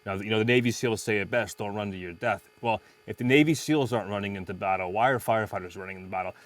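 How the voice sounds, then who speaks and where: A man's voice: fairly low pitch, rapid-fire. A man, a firefighter on a casual panel, talking passionately and driving home points with emphatic stresses. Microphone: phone in an audio chat room.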